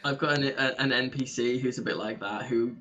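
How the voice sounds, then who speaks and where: A man casually chatting on a podcast, animated, laughing often and trying out accents. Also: medium pitch, fairly quick, muffled recording, faint music behind. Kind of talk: casual chat.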